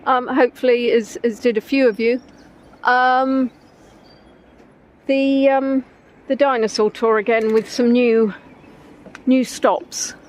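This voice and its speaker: A woman's voice: a little high, fairly even intonation, slow, pauses often. A woman with an English accent chatting casually on a live stream, rambling with many "um"s as she answers viewers. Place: outdoors on a riverside walk.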